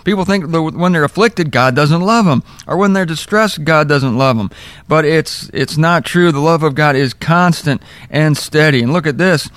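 A man's voice: fairly high pitch, moderate pace, a bit bright, dry recording. A middle-aged man hosting a daily Bible talk, telling stories with humor and mocking asides in a conversational sermon style.

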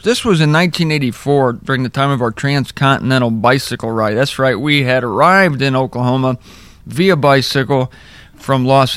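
A man's voice: mid-range voice, clear, resonant tone, dry recording. A middle-aged man hosting a daily Bible talk, telling stories with humor and mocking asides in a conversational sermon style.

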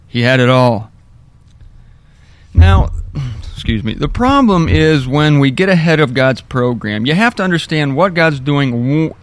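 A man's voice: a little high, animated, measured pace, dry recording. Wry man teaching from scripture. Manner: wry, chatty asides between readings. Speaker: Bible teacher.

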